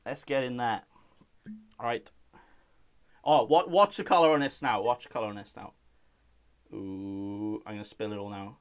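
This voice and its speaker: A man's voice: fairly low pitch, normal speed, long pauses, clean tone. A young man from Wales, hosting a casual live-stream chat and reading out viewer messages in a jokey way.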